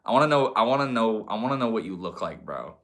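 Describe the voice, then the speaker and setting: A man's voice: mid-range voice, animated, fairly quick, a bit bright. A young man hosting a livestream, chatting casually with viewers in a laid-back, slangy way. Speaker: livestream host.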